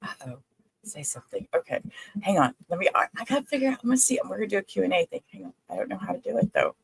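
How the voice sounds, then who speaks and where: A woman, hosting a livestream in a chatty, halting, excitable way. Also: medium pitch, gravelly, breathy edge, no echo, poor audio. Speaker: livestream host. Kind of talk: casual livestream chat.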